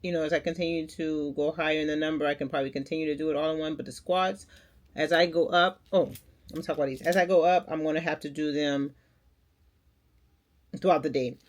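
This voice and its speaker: A woman in her forties chatting excitedly to camera at home, calling her viewers y'all. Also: sits low, quick pace. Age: 40s. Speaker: lifestyle vlogger. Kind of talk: casual chat to camera. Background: dog barking.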